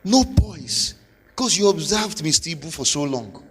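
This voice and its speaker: A man with a Nigerian accent, a pastor giving a motivational sermon with forceful, repetitive exhortation. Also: a little high, very animated, normal speed, slight background noise. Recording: long hall reverb.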